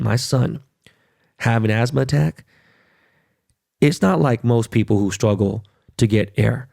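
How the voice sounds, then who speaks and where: Middle-aged male podcast host with a gravelly voice; he rants in a casual, profane, emphatic way. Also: fairly low pitch, dark tone, dry recording, studio quality. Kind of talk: casual monologue.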